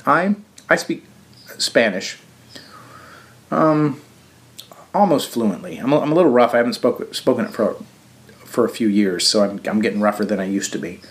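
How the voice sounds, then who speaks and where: A man hosting a show, giving a casual political commentary monologue in a halting way with frequent restarts and fillers. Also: on the low side, lively intonation. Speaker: show host.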